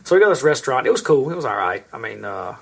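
A man's voice: mid-range voice, big pitch swings, very fast, vocal fry, breathy edge. A man in his thirties, a podcast co-host, telling long rambling stories in casual chat and swearing freely. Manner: rambling storyteller, swears a lot.

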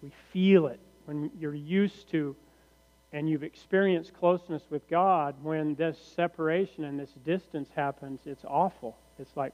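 A male pastor preaching a sermon in a church sanctuary, slow and deliberate, often posing rhetorical questions to the congregation. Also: a little high, fairly even intonation, a little mellow. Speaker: teaching pastor. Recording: reverberant hall, muffled lo-fi sound.

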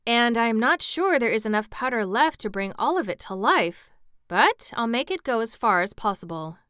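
A woman's voice: big pitch swings, moderate pace, a bit bright, clean tone, no echo, clean studio sound. Tip: a woman voicing a nervous young boy. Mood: anxious. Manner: anxious, high-strung. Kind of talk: storybook reading.

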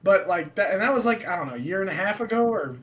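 Young man, high and bright voice, casual chat, swearing, animated quoted lines. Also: fast. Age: young adult. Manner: swearing, laughing, acts out quotes loudly. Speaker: storyteller.

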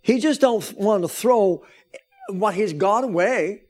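A man preaching a sermon, calling out for amens and rising into shouted emphasis. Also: high voice, unhurried. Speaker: pastor.

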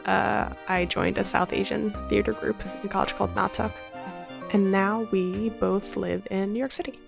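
A woman's voice: medium pitch, steady tone, moderate pace, creaky, music in the background. A woman hosting a casual podcast conversation, chatty, laughing often and filling her talk with likes and ums. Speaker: podcast host. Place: home in New Jersey.

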